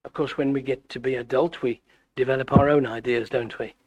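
A middle-aged man preaching a sermon, animated and full of stammered restarts. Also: fairly quick, highs cut off. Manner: animated, wide swings in pitch and loudness, frequent stammered restarts. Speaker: visiting preacher.

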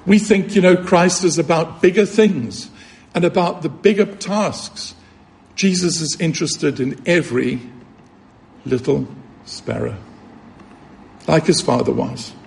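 Male preacher, earnest and emphatic, slightly high voice, sermon delivery. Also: unhurried, vocal fry, pauses often. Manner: earnest, emphatic, with rhetorical questions and repetition.

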